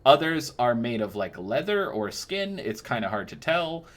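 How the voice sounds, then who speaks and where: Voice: mid-range voice, big pitch swings, normal speed. A game master narrating a tabletop game in a loose, playful way with frequent fillers.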